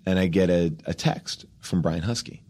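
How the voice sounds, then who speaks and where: A man's voice: low voice, normal speed. A middle-aged man, a podcast guest, telling a comic anecdote in casual chat and acting out the people he quotes. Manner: animated storyteller, acts out quoted people in shifting voices.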